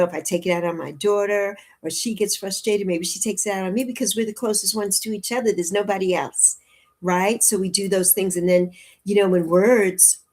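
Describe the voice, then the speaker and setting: A woman in her early sixties hosting a casual livestream, chatting warmly and repeating her phrases as she answers viewers' comments. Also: medium pitch. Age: 60s. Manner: warm, chatty, repeats phrases, laughs often. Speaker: livestream host.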